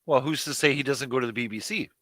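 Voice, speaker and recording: A man's voice: mid-range voice, fast talker, a bit bright, no echo. A man co-hosting a casual show, chiming in with dry wisecracks. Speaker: co-host. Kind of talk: casual chat.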